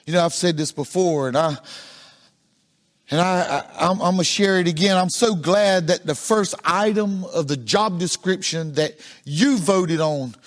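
A man as pastor with a high voice, sing-song sermon delivery that sinks soft at phrase ends. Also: normal speed. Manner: repeats words as he builds a point.

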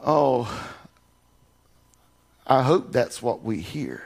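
An older pastor delivers a sermon very slowly and very animatedly, his gravelly voice carrying a breathy edge. He swings between loud, raised calls and low, soft drops, chuckling with the congregation in a folksy manner.

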